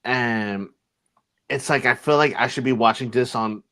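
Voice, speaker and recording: A man's voice: medium pitch, unhurried, pushed and bright, clear, resonant tone. A man co-hosting a wrestling podcast in casual chat, laid-back and swearing freely. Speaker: podcast co-host.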